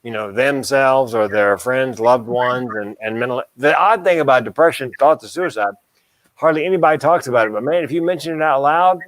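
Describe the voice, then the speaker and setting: A man co-hosting a relaxed podcast, slipping dark jokes about himself into his talk and laughing at them. His voice sits in a middle pitch. The sound is dry and close, with no room around it. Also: brisk, no echo. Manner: dark self-deprecating humor, laughs at own jokes. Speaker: podcast co-host and mental health speaker. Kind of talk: casual podcast chat.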